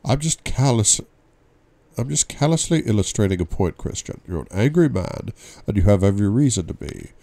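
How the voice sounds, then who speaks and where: A calm male psychiatrist who presses gently with measured questions, read by a man. The voice is deep and mellow, set close and dry with no room sound. It is an audiobook reading. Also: vocal fry, no echo. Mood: probing. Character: calm probing male psychiatrist, middle-aged.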